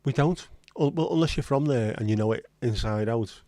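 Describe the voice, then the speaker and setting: A man's voice: medium pitch, normal speed, warm tone, dry recording. A man hosting a casual livestream chat, rambling and reading out viewer comments. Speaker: livestream host.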